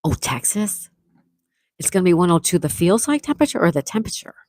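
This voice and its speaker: Soft-spoken woman chatting on a livestream. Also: on the low side, sing-song, racing, no room sound, studio quality. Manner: chatty, reads viewer comments aloud and thanks them; soft-spoken with sweet exclamations. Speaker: livestream host. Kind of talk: casual live chat reading comments. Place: outdoors near calm water.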